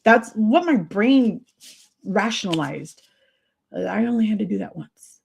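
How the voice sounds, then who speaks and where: A woman's voice: mid-range voice, lively intonation, moderate pace, vocal fry, darkish tone, slightly rough. A woman hosting a livestream, talking to viewers in a confiding, emotional, sympathetic way. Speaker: livestream host.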